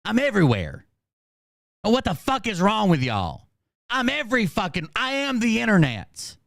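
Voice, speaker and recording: A man's voice: high voice, huge pitch swings, moderate pace, vocal fry, fairly bright tone, dry recording, studio quality. A man hosting a livestream, ranting in an angry, combative way and swearing constantly. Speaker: channel host.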